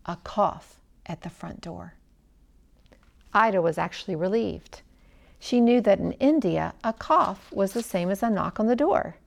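A woman telling a story aloud in an expressive narrating style, dropping to a hush at tense moments. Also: medium pitch, slow pace, gravelly, pauses often. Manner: dramatic, hushed at tense moments.

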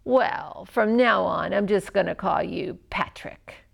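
A woman voicing a gruff middle-aged male chieftain who talks roughly and slowly in a children's story. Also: mid-range voice, exaggerated voice. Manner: growling, rough and slow.

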